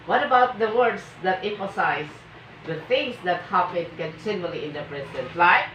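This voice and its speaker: A woman teaching an English grammar lesson, slowly and emphatically reading out example sentences for the class to repeat. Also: on the low side, lively intonation, a bit bright, slight background noise. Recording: echoey, muffled room from a distance.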